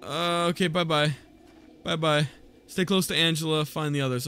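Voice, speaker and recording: A man's voice: on the high side, fairly even intonation, normal speed, bright, forceful tone, clean tone. A man casually commenting as he plays a horror video game, joking, swearing and reading lines aloud. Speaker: gaming streamer. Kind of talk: casual let's play commentary.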